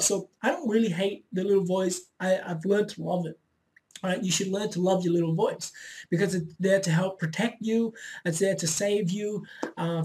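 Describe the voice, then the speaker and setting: A man's voice: high-pitched, a little mellow. Man giving a chatty motivational talk. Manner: conversational, checks in often with "right?" and "all right?"; loose and unpolished, with frequent fillers and restarts. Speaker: self-help vlogger. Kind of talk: casual motivational talk to camera.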